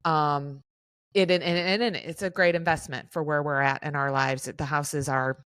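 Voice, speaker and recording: A woman talking casually and reflectively in a conversation, calm and agreeable. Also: sits low, moderate pace, clean tone, dry recording. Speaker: conversation partner.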